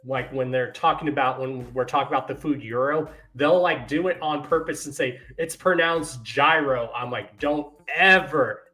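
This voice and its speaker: With a medium pitch and a brisk delivery that hardly pauses, a podcast host tells stories in a relaxed chat. He's animated throughout, acting out what people said and laughing a lot.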